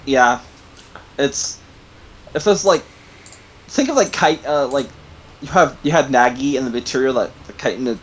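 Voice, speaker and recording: Halting male game master. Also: mid-range voice, expressive, slight background noise, low-quality recording. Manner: halting, many ums and likes. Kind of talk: narrating a tabletop game.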